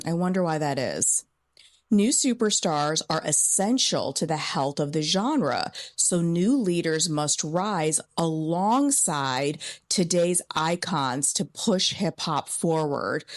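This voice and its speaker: A woman giving measured, analytical music commentary while stuffed up from a cold, recorded outdoors by a pool. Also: sits low, expressive. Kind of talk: commentary video.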